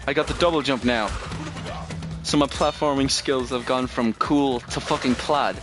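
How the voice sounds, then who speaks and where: A man's voice: mid-range voice, normal speed, music in the background. A man streaming a game, rambling through casual commentary with frequent swearing and self-corrections.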